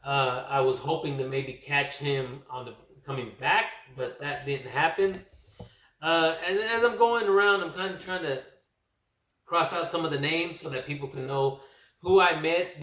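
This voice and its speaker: A man's voice: a little high, normal speed, a bit bright. Rambling man in an echoey room. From California. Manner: rambling, self-correcting storyteller. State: slightly worn voice from yelling. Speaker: comic book vlogger. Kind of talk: casual recap talk to camera.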